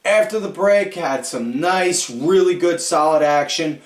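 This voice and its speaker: A man hosting a podcast, rambling through a casual recap with lots of fillers and animated storytelling. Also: fairly high pitch, a little slow. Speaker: podcast host. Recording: echoey room, far from mic.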